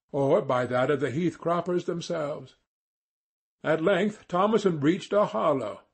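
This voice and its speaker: A man narrating a classic novel aloud as an audiobook reader, in a measured way. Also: a little high, husky. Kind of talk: scripted narration.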